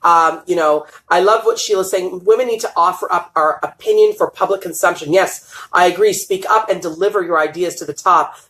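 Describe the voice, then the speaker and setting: A woman's voice: lowish voice, a little fast, hardly any pauses, a bit bright, rough recording. A woman hosting a live-streamed interview, enthusiastic and affirming, laughing often as she talks. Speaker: host.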